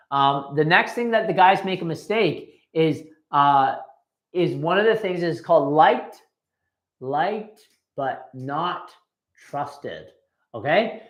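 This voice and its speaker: A man giving a live dating-coach training, speaking directly and checking in often with "okay?" and "right?". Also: a little high.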